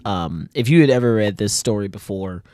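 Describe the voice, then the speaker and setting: A low-voiced man chats casually as he reads from his old comic, rambling with fillers and breaking into laughter. He keeps fussing over his nose. The sound is dry and close. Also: animated, a little fast, a little mellow, no room sound. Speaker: comic artist and channel host. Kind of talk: casual commentary reading his own comic.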